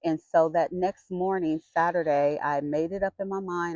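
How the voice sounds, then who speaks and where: Middle-aged woman, lowish voice, chatty and frank, dull lo-fi audio in a dead dry room. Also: moderate pace, few pauses, no echo. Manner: chatty, frank, expressive retelling. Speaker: vlogger sharing her health story. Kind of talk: candid personal storytelling. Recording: dull lo-fi sound.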